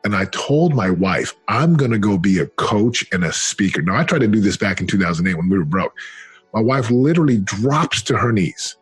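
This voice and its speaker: A middle-aged man telling his life story in an interview, earnest and emphatic, slowing down on key phrases. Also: fairly low pitch, very animated, slightly rough, soft background music. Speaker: interview guest, former football player and speaker.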